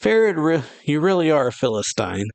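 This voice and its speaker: A man's voice: on the high side, very animated, brisk, creaky, darkish tone, voice pushed up. A man voicing a dryly sarcastic, weary male vampire. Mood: wry.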